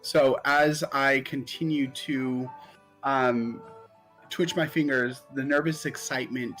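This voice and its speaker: A man slowly describing his character's spell in a tabletop game, pausing with many ums. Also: medium pitch, steady tone, a bit bright, soft background music, rough recording. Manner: slow, halting, many ums. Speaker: player.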